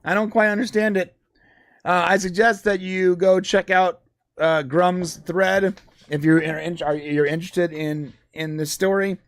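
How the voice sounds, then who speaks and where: Brief: male podcast co-host, fairly high voice, dry close sound, loose conversational delivery with restarts. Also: fairly even intonation, measured pace, dry recording. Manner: conversational, with frequent restarts and fillers. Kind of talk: casual live-stream chat.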